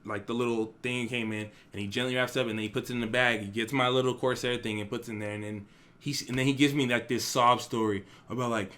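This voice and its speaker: A young man recounts a story for his vlog, animated and loose with slang and swearing. His voice is bright and forceful, sitting at an average pitch. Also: quick pace. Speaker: vlogger. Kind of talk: casual storytime.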